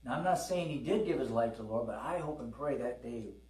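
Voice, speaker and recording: A man's voice: mid-range voice, expressive, fairly quick, a little mellow. A middle-aged man preaching a sermon in a conversational way, calling for amens and acting out dialogue in his stories. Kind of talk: sermon with storytelling. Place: church service. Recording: roomy, distant from the mic.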